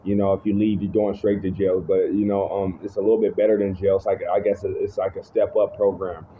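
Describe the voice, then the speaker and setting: A fairly low-voiced man speaks through tinny, phone-like audio with a faint hiss underneath. He tells his testimony casually and rambles, restarting his sentences and checking in with "you know what I'm saying". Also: flat delivery, fairly quick. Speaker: speaker giving personal testimony.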